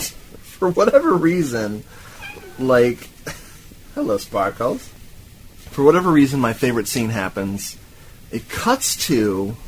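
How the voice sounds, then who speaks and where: A man co-hosting a podcast, animated and profane, laughing as he recounts a film. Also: mid-range voice, a little hiss or hum, rough recording. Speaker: podcast co-host. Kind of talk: casual film-review chat.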